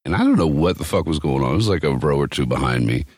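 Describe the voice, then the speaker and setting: Man, very deep voice, husky, lively swings in pitch, swearing constantly, dry close sound. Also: fast talker, no echo. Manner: profane, animated storyteller. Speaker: podcast co-host. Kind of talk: casual chat.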